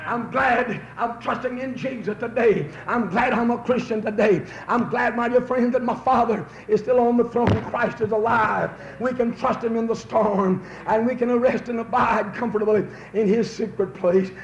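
A man preaching a revival sermon, telling folksy stories that build into fervent shouts. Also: very high-pitched, moderate pace, few pauses. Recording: roomy, dull old recording with faint hiss.

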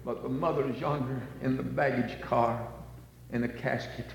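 A man preaching a sermon in church, fervent, climbing to near-shouts at his high points. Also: fairly even intonation, moderate pace, vocal fry, echoey room, big-room sound, slight background noise, poor audio.

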